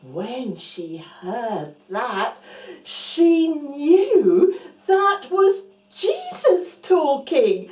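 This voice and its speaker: A woman telling a Bible story to young children, dropping to hushed whispers and rising to bright exclamations. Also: high-pitched, sing-song, very slow, reverberant.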